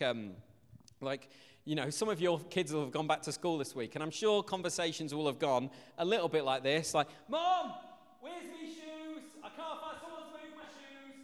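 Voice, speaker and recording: A young Englishman gives a chatty, humorous sermon, slipping into animated little stories and playful asides to the congregation. His voice sits a bit high for a man. It rings out with a long hall reverb around it. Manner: chatty, jokey, animated storytelling with shouted asides. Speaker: preacher. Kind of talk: casual sermon with jokes. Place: church hall.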